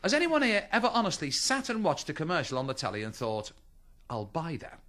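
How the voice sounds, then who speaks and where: A man's voice: fairly high pitch, wildly swooping pitch, brisk, bright, forceful tone. A middle-aged man with a Liverpool accent doing a live stand-up routine, chatty and teasing as he spins jokes for the audience. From Liverpool, England. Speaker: stand-up comedian. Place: stage before a live audience.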